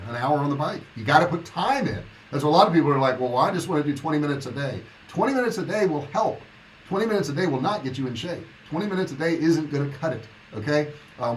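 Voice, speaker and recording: A man's voice: medium pitch, a little hiss or hum, poor audio. A man in his sixties, an online business coach, talking casually and bluntly on a livestream, encouraging viewers and answering their comments. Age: 60s. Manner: blunt, motivational, reads viewer comments aloud.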